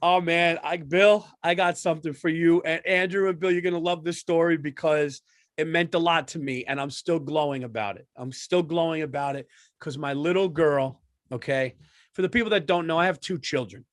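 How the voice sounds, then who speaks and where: A middle-aged man from the United States, co-hosting a podcast and telling a story in an animated, profane way. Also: fairly high pitch, normal speed, no room sound. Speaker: podcast co-host. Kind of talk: casual comedic storytelling. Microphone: studio microphone.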